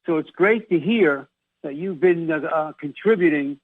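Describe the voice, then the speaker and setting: A man's voice: on the high side, moderate pace, no echo. A male sports doctor with a New York accent hosting a casual radio interview, rambling and restarting his phrases. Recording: phone-like narrow band.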